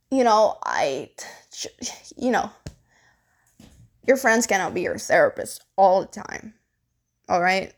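A young adult woman vlogging straight to her viewers in an easygoing, unscripted way. She is blunt and swears freely, and her talk is full of "like" and "you know". Her pitch sits at an ordinary middle height for a woman. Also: vocal fry. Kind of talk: casual advice talk to camera.

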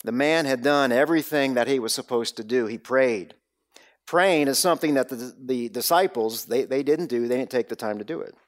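A man preaching a sermon, telling the story with dramatic swings between loud bursts and hushed, low lines. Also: normal speed. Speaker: pastor.

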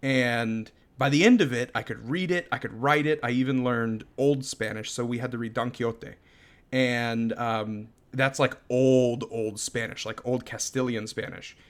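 A man co-hosting a podcast, telling stories in an animated, casual chat and laughing often. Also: medium pitch, a little slow. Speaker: podcast co-host.

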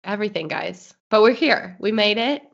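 A woman co-hosting a podcast in casual chat, upbeat and talking straight to listeners, her voice a little hoarse from illness. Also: medium pitch, animated, normal speed. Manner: upbeat, addresses listeners directly. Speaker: podcast co-host. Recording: dull, lo-fi sound.

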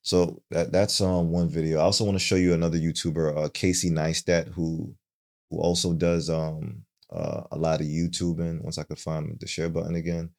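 Young male podcast co-host, deep and easygoing, casual and halting. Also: level tone, vocal fry, a little mellow. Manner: laid-back, many fillers and restarts.

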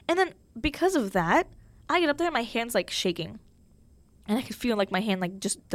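A woman's voice: on the high side, expressive, fairly quick, dry recording. A young woman hosting her own podcast in a casual, chatty way, full of fillers and self-mocking humor. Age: young adult. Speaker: podcast host. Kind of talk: casual solo podcast chat.

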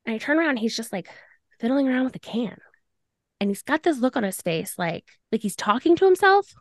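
A young woman with a slightly high voice talks a little fast while hosting a podcast, with clean studio sound and no room echo. Casually telling a personal story, she gets animated and acts out the dialogue in quotes.

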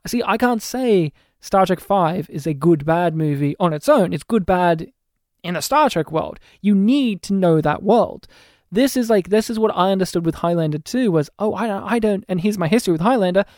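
A man with a notably high voice talks casually about movies, rambling and restarting his sentences. The sound is dry and close, with no room around it. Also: lively intonation, normal speed, darkish tone, no room sound. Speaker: podcast co-host.

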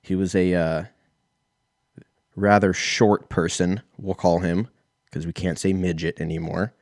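A man's voice: low voice, flat delivery, unhurried, a little mellow, dry recording, studio quality. A man in his thirties, telling a rambling, profane, self-mocking story in a casual solo podcast. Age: 30s. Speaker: podcast host.

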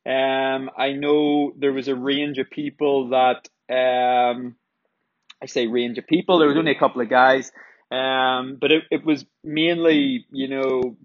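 A candid man speaks about his running, reflective and loose with the odd swear. His voice sits at a middling pitch. The sound is close and dry, with a slightly dull, lo-fi tone. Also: dry recording. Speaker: runner sharing his training. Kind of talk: casual spoken monologue.

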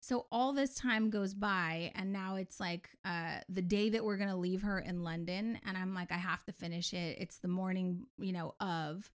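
A woman's voice: mid-range voice, normal speed, hardly any pauses, smooth. A woman co-hosting a podcast, telling a heartfelt story in a chatty, emotional way. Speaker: podcast co-host and parent. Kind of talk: casual chat.

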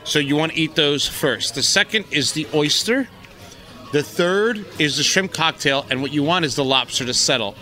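A man's voice: a little high, normal speed, sharp tone. A man co-hosting a podcast, talking in a brash, profane, teasing way. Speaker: podcast co-host. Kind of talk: casual chat.

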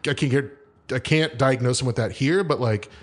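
A man co-hosting a casual podcast chat, rambling through a story and acting out what others said. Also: mid-range voice. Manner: storytelling, acts out quotes; swears casually, quick and rambling. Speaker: podcast co-host.

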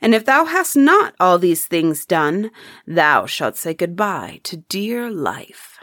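A woman's voice: lowish voice, sing-song, slow pace, a bit bright, no echo, studio quality, heavily acted. A woman voicing a harsh old stepmother barking orders in a folk tale. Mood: scolding.

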